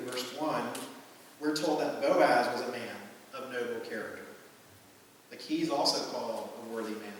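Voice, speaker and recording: A man's voice: mid-range voice, a bit bright, a little hiss or hum. A man in his forties giving a sermon, telling a personal story in a casual, conversational way with plenty of asides and fillers. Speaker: pastor. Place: large church hall. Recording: roomy hall reverb from a distant mic.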